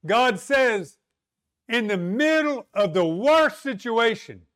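A man preaching a sermon, slow and emphatic, asking rhetorical questions and leaning on dramatic pauses. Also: very high-pitched, sing-song, fairly bright tone.

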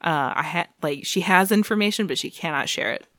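Woman podcast co-host, low-ish voice, dry close sound, chatty recap full of laughs and swearing. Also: expressive, fairly quick, fairly bright tone, dry recording. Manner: laughing, profane, joking asides. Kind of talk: casual recap chat.

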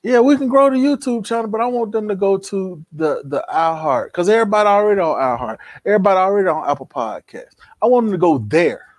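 Lively, teasing podcast co-host man. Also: sits high, fast, few pauses, dry recording, clean studio sound. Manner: loud, teasing, repeats questions for effect. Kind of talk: casual podcast banter.

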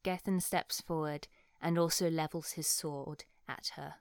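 A woman narrating calmly as game master of a tabletop game. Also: low voice, a little slow, clean tone, no echo, clean studio sound.

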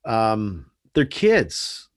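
A man telling stories in a casual podcast chat, animated and earnest. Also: on the low side, very slow, no room sound, clean studio sound.

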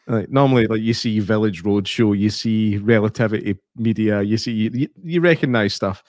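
A Scottish man in his thirties co-hosting a casual film chat, animated, swearing and laughing as he talks. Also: on the low side, moderate pace, no room sound, studio quality. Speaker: podcast co-host.

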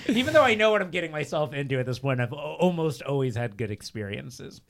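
A young man casually telling a rambling story, full of fillers, laughs and quick asides. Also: on the high side, very animated. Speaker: storyteller guest.

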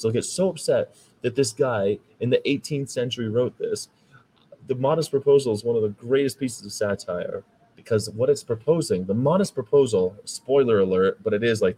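A man's voice: medium pitch, mellow, a little hiss or hum, poor audio. An American man hosting a podcast, talking in a casual, rambling monologue that turns preachy. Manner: chatty, rambling, preachy about veganism. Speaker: vegan podcast host.

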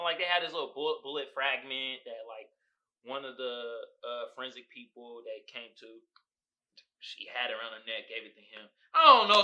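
A man hosting a podcast, recapping a movie in a casual, profane, joking way. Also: fairly high pitch. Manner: animated, profane storytelling with frequent laughter. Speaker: podcast host.

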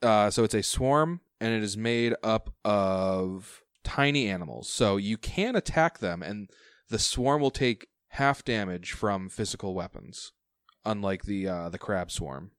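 Lower-voiced man running a tabletop game. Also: unhurried, clear, resonant tone, dry recording, clean studio sound. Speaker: game master.

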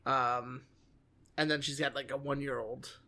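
A man in a casual chat, telling a story with jokes and animated asides. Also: medium pitch, unhurried.

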